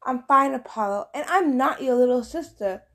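A woman's voice: sits high, animated, moderate pace. A woman voicing a stern, commanding huntress goddess in an audiobook, curt and firm.

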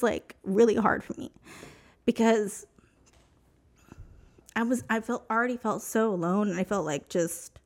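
Appearing as a podcast guest, this New Mexico woman has a mid-range voice and shares a personal story emotionally, casually rambling and using plenty of fillers.

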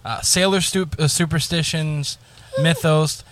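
A man's voice: on the high side, steady tone, unhurried, a bit bright. A man in his twenties co-hosting a podcast, sarcastic and swearing as he steers back to the topic. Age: 20s. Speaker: podcast co-host. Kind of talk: casual crude chat.

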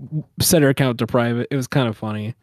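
A young American man co-hosting a podcast, ranting in animated casual chat with many restarts. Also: mid-range voice, fast, dry recording, studio quality. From United States. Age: young adult. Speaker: podcast co-host.

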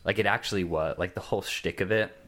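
Low, deep male voice; casual podcast storyteller, loose and rambling. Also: quick pace, a bit bright. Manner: rambling, many fillers and restarts. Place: podcast setup, in from Grand Rapids.

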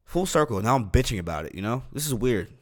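A man's voice: mid-range voice, lively intonation, fast talker, a little mellow. A young man hosting a podcast alone, rambling casually with lots of fillers, restarts and swearing. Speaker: podcast host. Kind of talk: casual solo podcast rant.

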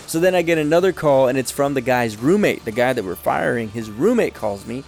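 A man tells a long, looping story about running jobs and firing a worker. He gets animated and acts out the other people's voices along the way. Faint music plays underneath him. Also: mid-range voice, fairly quick. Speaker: business owner telling work stories. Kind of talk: casual storytelling monologue.

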